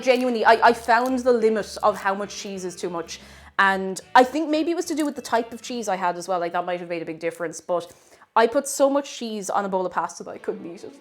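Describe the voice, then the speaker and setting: A young woman with a Tipperary Irish accent talks through a cooking stream, greeting viewers and laughing as she goes. Her voice sits a little high and swings widely in pitch. Faint music plays behind her. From Tipperary, Ireland. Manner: chatty, giggly, greets chat warmly. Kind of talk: casual cooking stream chat.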